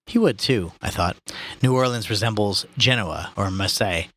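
A man chatting casually with friends and reading a novel aloud, animated and jokey. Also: on the low side, moderate pace, breathy edge. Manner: animated, jokey, breaks into laughter. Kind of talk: casual chat and book reading.

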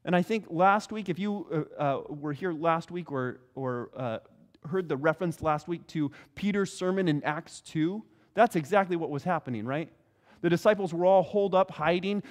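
A middle-aged man preaching a sermon, telling stories with animated delivery and acting out the voices of others. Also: fairly high pitch. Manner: animated storytelling, acts out quoted voices. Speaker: pastor.

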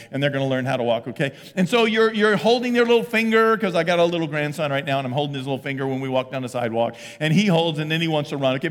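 A middle-aged man preaching a lively sermon as pastor, often breaking into loud acted voices. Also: on the high side, in a large hall. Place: church sanctuary.

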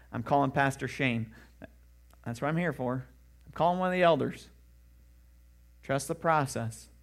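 A man's voice: medium pitch, moderate pace, gravelly, pauses often. A man, a pastor, preaching a sermon in an earnest, conversational way with emphatic rising questions.

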